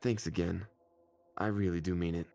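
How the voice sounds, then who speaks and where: A man's voice: low-pitched, fairly even intonation, normal speed, gravelly, dark tone. A man voicing a frantic, tired young mother who is flustered and grateful, in a scripted horror story reading.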